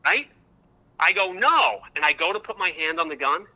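A man calling in to a talk show, telling a long story in an excitable, rambling way and repeating himself. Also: fairly high pitch, fast, highs cut off. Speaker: guest comedian. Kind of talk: animated storytelling on a call-in show.

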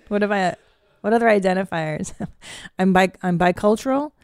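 A woman's voice: mid-range voice, moderate pace, a little mellow, smooth, dry recording. A woman stand-up comedian hosting a podcast in a studio booth, chatting casually in a frank, profane, rambling way.

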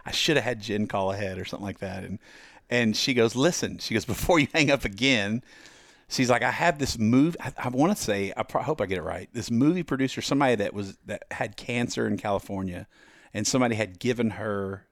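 A man's voice: lowish voice, fast talker, no room sound, studio quality. A man on a podcast as the guest musician, telling stories and acting out the voices of the people in them. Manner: lively storyteller acting out quoted voices. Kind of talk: podcast storytelling.

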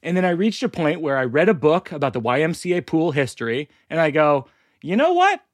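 A man's voice: a little high, brisk, no room sound, clean studio sound. A man hosting a podcast interview, talking casually with frequent laughs and stammered restarts. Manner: self-deprecating, laughing often, stammering restarts. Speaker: podcast host.

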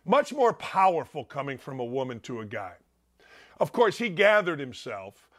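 Brash middle-aged male talk-show host, high-pitched, loud storyteller who mutters, then shouts. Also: sing-song, moderate pace. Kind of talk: opinionated sports talk monologue.

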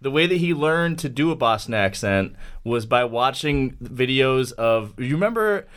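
A man's voice: mid-range voice, lively intonation, moderate pace, a bit bright, smooth. A man guesting on a casual podcast chat, telling wry anecdotes with dry asides.

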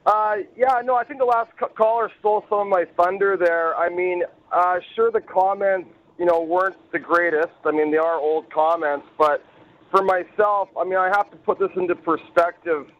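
A male radio caller with a slightly higher-than-usual voice. He is polite but hesitant, restarting his sentences and leaning on fillers. The audio is dull and lo-fi. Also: moderate pace. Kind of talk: call-in opinion on phone.

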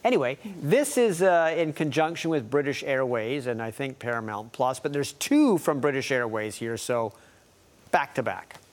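Playful man with a lively voice. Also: mid-range voice, moderate pace. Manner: playful, teasing. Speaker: news show co-host presenting commercials. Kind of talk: casual studio banter.

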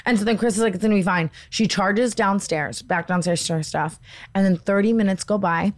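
A young woman co-hosting a casual podcast chat, telling a story with lots of "like" and acting out the shrill voices of the people in it. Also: brisk. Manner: animated, acts out shrill quoted voices, says "like" often. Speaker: podcast co-host.

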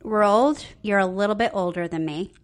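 A woman's voice: mid-range voice, moderate pace. Playful, teasing woman co-host. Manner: playful, teasing questions, laughs often. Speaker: podcast co-host. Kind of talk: casual chat.

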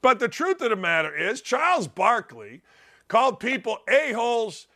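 Speaking at a normal speed in an extremely high pitch, this man hosts a radio show. He delivers an excitable, opinionated monologue that keeps restarting with stammers and circling back to repeated phrases.

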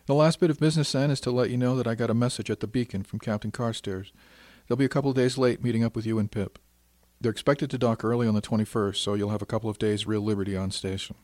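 A calm, kindly woman commanding a starship, gentle yet brisk and businesslike, as a male narrator puts her on. The voice sits low and sounds dry and close. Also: no echo, close to an everyday voice. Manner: gentle, brisk and matter-of-fact.

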